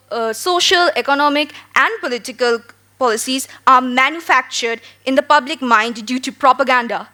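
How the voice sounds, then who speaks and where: A woman's voice: sits high, bright, forceful tone. A young woman from India giving an emphatic, rhetorical competitive debate speech at a school debate. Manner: emphatic, rhetorical, with dramatic pauses and questions.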